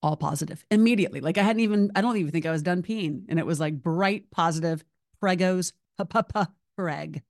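A woman in her thirties hosting a solo podcast, talking in an animated, emotional, chatty way with lots of "like". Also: lowish voice, brisk, dry recording, studio quality. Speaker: podcast host.

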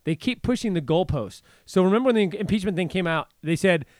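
In a studio-quality recording with no room sound, a man with an animated, high voice speaks fairly quickly. He co-hosts a casual political conversation, rambling, stammering and restarting often, and imitates what others said in a raised voice.

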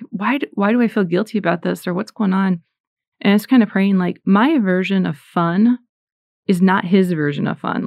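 A woman's voice: fairly low pitch, vocal fry, a little mellow, dry recording. A middle-aged woman from the United States giving a casual, earnest faith talk, chatty and full of fillers. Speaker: Christian speaker.

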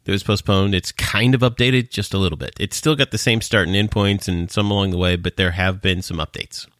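A man's voice: low-pitched, fairly even intonation, brisk, a bit bright, no room sound, studio quality. A man co-hosting a podcast, joking and chiming in during casual chat. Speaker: podcast co-host.

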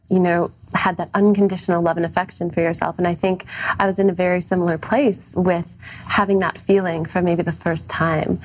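A woman's voice: lowish voice, slight background noise, poor audio. A woman hosting a talk show interview, listening attentively and affirming her guest as she sums up his points. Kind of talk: interview host.

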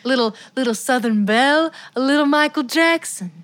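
A woman co-hosting a comedy podcast, goofy and playing along with bits through deadpan asides. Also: sits high, moderate pace. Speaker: podcast co-host. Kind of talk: comedic banter.

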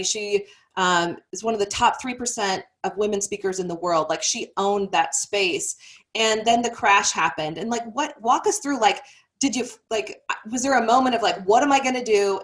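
Woman host at a middling pitch, informal and chatty, with loosely strung questions. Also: moderate pace. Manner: casual, rambling questions full of "like". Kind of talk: interview hosting.

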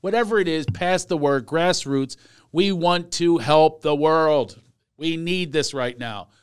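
A man's voice: fairly high pitch, a little slow, clean tone, no echo, studio quality. An older man, a comedian hosting a podcast, chatting casually and jokingly and laughing often. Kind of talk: casual chat.

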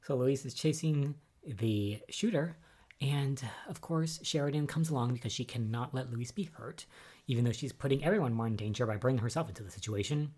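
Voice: mid-range voice, a little fast, darkish tone, breathy edge. A young adult podcast host giving a casual, chatty recap of soap opera episodes, often exasperated and filling speech with "like" and "um".

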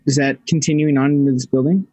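A man's voice: mid-range voice, fairly even intonation, fast, darkish tone, dry recording. A man playing a tabletop game in a playful way. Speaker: player. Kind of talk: casual tabletop game play.

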